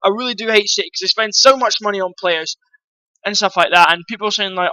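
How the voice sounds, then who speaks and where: A man with a high, bright, sharp-edged voice rants about football transfers, blunt and quick to swear. He talks straight at his viewers, calling them guys. The sound is close and dry, with no room around it. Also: dry recording, poor audio. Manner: blunt, ranting, swears freely. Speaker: football vlogger. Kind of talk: opinionated transfer-news rant.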